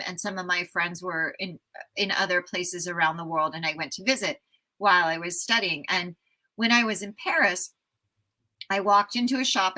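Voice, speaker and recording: American woman in her 50s, bright voice, eager chatty storyteller on a podcast. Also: mid-range voice, low-quality recording. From United States. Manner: enthusiastic, animated storyteller. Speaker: travel writer guest. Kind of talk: casual storytelling interview.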